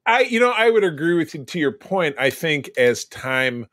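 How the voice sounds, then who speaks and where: Podcast co-host, male, bright, dry close sound, rambling film recaps. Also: a little high, big pitch swings, moderate pace, dry recording. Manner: rambling, recaps scenes in detail. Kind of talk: casual movie discussion.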